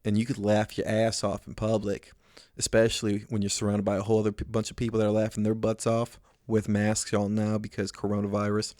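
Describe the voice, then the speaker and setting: A man's voice: lowish voice, completely flat delivery, a little fast, a little mellow, no room sound, studio quality. A man hosting a podcast, rambling through a profane, self-mocking solo comedy monologue.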